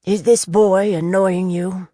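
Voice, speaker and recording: A woman voicing a sturdy, protective old male innkeeper who speaks slowly and firmly, in a storybook reading. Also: on the low side, steady tone, mellow, no room sound, clean studio sound. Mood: stern.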